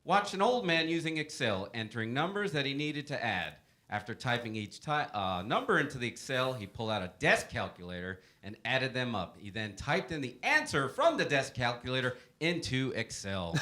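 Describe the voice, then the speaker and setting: A man's voice: medium pitch, sing-song, normal speed, pushed and bright. A man hosting a webcast segment, reading out help desk stories in an upbeat, playful way and laughing often. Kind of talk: casual storytelling to a panel.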